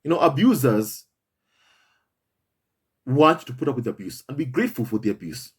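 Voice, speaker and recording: A commentary channel host delivers an impassioned monologue in a husky, medium-pitched voice, very animated at a normal speed. He speaks emphatically, repeats himself, and addresses his viewers as family.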